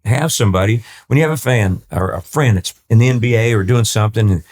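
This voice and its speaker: On a relaxed interview podcast, an older East Texas country singer recounts stories, animatedly acting out what people said and frequently backing up to restart. He talks at a quick pace with a low-leaning voice.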